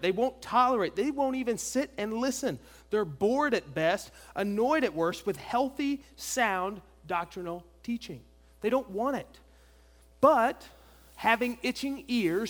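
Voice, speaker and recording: A man preaching an expository sermon, emphatic, asking rhetorical questions and repeating key phrases. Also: high voice. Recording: long reverb of a large hall.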